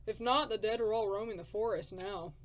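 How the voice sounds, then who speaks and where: A woman voicing a hungry, gruff male drifter scavenger, reading game dialogue aloud in a blunt, grumbling way. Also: medium pitch, a little fast, lightly acted.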